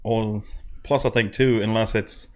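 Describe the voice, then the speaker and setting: A man's voice: lowish voice, fairly even intonation, a little slow, darkish tone. A man on a casual gaming podcast who tells his side of each game earnestly and laughs at himself. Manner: earnest, self-defending storyteller, laughs at himself. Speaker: podcast co-host.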